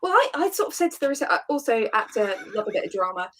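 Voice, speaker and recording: English actress telling a lively story. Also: female voice, fairly high pitch, quick pace. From England. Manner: laughing, dramatic, puts on posh voices. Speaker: actor guest. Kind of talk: casual storytelling chat.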